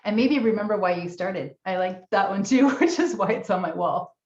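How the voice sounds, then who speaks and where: A woman's voice: medium pitch, expressive, normal speed, darkish tone. A woman in her forties, a guest on a podcast, speaking in a cheerful, upbeat way. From Canada. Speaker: guest, fitness convention founder. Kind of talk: casual interview chat. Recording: roomy, dull lo-fi sound.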